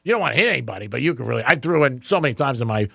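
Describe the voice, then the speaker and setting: A man hosting a talk radio show in the studio, joking and getting excited, laughing often. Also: mid-range voice, very fast, vocal fry, husky, no echo. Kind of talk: casual talk radio banter. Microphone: studio microphone.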